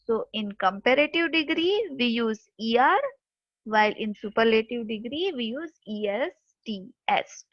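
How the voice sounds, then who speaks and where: A high-voiced woman teaches a grammar lesson step by step, spelling words out letter by letter with lively intonation at a measured pace. Her tone is fairly bright, but the recording is dry and dull like lo-fi audio, with no room sound.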